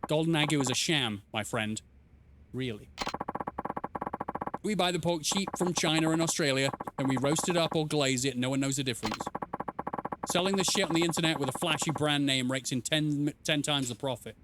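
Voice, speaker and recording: A man reading out a greedy pork swindler with a sneering, smug tone, sitting a touch high in pitch and dropping lower for the scornful bits. The voice stays close to the reader's own everyday talk. A faint hiss sits underneath. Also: moderate pace, lightly acted.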